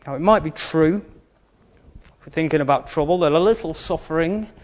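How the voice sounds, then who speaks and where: A man's voice: fairly high pitch, big-room sound. A male preacher giving a sermon in an earnest way, stressing his key points and adding wry asides.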